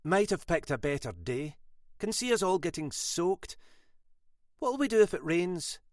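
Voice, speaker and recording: A man's voice: high-pitched, big pitch swings, a little slow, no room sound, clean studio sound, pitched above the performer's own voice. A man voicing a gloomy woman passenger who grumbles. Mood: grumbling. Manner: grumbling, pessimistic.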